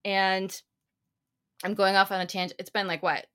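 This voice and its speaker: A woman's voice: medium pitch, flat delivery, normal speed, a bit bright, clean tone. A woman co-hosting a podcast, chatting casually and rambling through long stories. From United States. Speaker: podcast co-host. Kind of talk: casual chat.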